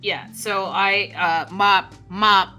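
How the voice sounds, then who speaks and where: Bright, musing woman in casual chat. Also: mid-range voice, fairly even intonation, faint music behind. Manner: musing, halting and searching for words.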